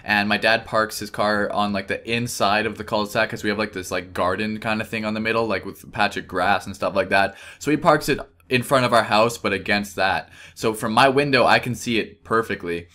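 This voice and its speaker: A man's voice: lowish voice, a little fast, few pauses, bright, forceful tone. A young man from Canada doing casual gameplay commentary, rambling through a story and correcting himself as he goes. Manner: rambling, chatty, self-correcting.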